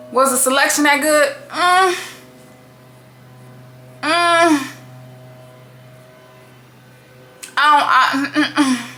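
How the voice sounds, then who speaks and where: A woman giving a casual, blunt and profane recap of a reality dating show. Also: on the high side. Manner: blunt, profane, animated commentary. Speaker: recap vlogger.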